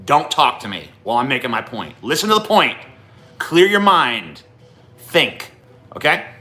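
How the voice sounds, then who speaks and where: Guy ranting at his stream chat, swearing nonstop, sharp bright voice. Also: mid-range voice, big pitch swings, measured pace, pauses often, soft background music. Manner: profane, combative ranting at chat. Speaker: livestream host. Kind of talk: ranting livestream commentary.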